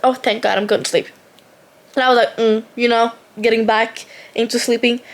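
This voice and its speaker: High-voiced woman telling a story. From Norway. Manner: animated, exasperated ranting with lots of "like". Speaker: travel vlogger. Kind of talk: casual storytelling to camera.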